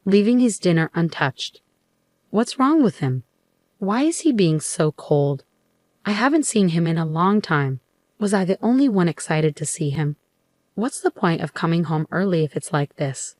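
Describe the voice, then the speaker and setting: A woman in her late twenties telling a first-person story in an even, matter-of-fact way. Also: on the low side, no room sound. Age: late 20s. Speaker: narrator.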